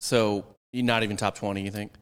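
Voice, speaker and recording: A man's voice: on the low side, steady tone, brisk, clean tone. Tipsy joking man in a reverberant room. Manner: joking, profane, mimics voices in bits. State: drunk. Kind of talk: casual chat.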